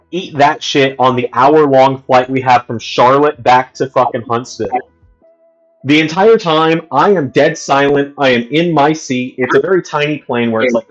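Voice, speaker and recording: An exasperated man vents through a long story on his livestream, swearing freely as he goes. His voice sits at a middling pitch. The audio is slightly muffled, with faint music underneath. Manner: exasperated, profane ranting. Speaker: livestream host.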